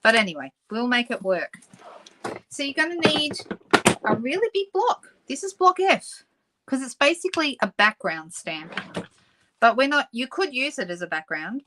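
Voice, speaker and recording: A woman's voice: a little high, background noise. Chatty Australian woman demonstrating crafts. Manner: chatty, answers viewer comments as she works; laughs often and apologizes playfully. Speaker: papercraft demonstrator hosting a live stream. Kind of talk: casual live-stream craft demonstration.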